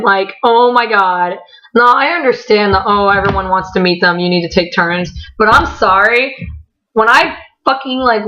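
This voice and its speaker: A young adult woman vlogger with a bright, tense, medium-pitched voice tells a story in a casual, excited, rambling way. She says "like" a lot and swears. The recording sounds dull and lo-fi.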